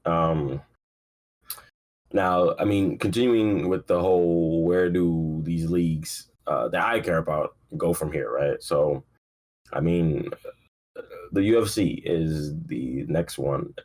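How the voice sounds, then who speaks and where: A young man with a low, darkish voice speaks slowly as the host of a casual solo sports podcast. He's sleepy and yawning, rambling offhandedly with frequent fillers and plenty of free swearing.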